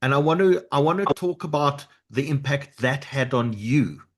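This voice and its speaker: A man's voice: medium pitch, animated, moderate pace. A man hosting an interview, speaking in a conversational, reflective way. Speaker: host.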